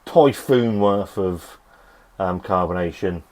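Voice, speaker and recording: A man's voice: deep voice, takes it slowly, darkish tone. A middle-aged man grumbling and swearing through a rambling, casual beer review in his shed. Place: home shed.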